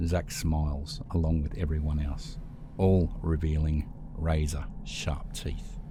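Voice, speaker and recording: A man narrating a horror story script in a steady, measured way. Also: very deep voice, noisy background.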